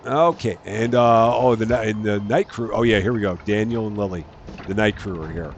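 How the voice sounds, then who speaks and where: A man's voice: fairly low pitch, moderate pace, muffled recording, slight background noise. A man hosting a let's-play, chatting casually and narrating each task aloud, often correcting himself. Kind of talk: casual gameplay commentary.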